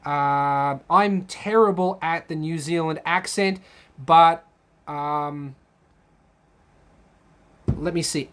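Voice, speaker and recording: A man's voice: sits high, a bit bright. An Australian man hosting a casual live Q&A chat, rambling and repeating words, with casual swearing. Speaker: live stream host.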